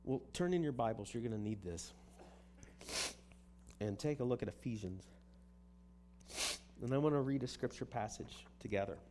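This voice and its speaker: A man's voice: medium pitch, lively intonation, moderate pace, long pauses, dark tone, slight background noise. A man preaching a sermon in a conversational way, often repeating words as he restarts a thought. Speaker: pastor.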